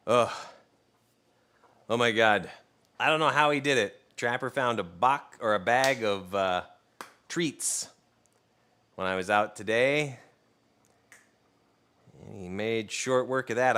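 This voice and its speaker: A man's voice: on the low side, bright, forceful tone. Laid-back man chatting while he cooks. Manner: loose, joking storyteller who talks to his dog. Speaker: cooking streamer. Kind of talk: casual live-stream chat while cooking.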